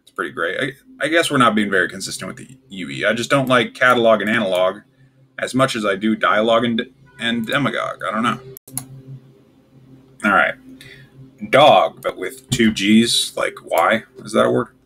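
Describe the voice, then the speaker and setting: A man's voice: on the low side, normal speed, pushed and bright, slight background noise. A young man hosting a casual solo video, ranking words with offhand, puzzled and wry asides. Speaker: tier list video host.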